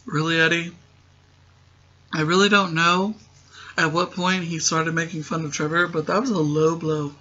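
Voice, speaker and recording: Male recapper, sarcastic and rambling, bright voice on a muffled lo-fi recording. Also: fairly high pitch, little pitch movement, moderate pace, long pauses. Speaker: show recap host. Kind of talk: casual comedic TV recap. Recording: dull lo-fi recording.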